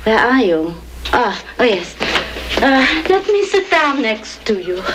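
An actress playing a coy, seductive woman, speaking slowly on a noisy film soundtrack. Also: fairly high pitch, sing-song. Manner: slow, coy and purring. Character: slinky seductive woman, a teasing temptress. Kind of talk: comic film acting.

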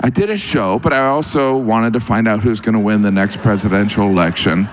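A man performing a stand-up comedy routine on stage in a wry, deadpan storytelling manner. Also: brisk, noisy background. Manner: wry, deadpan storytelling with sudden high-pitched asides.

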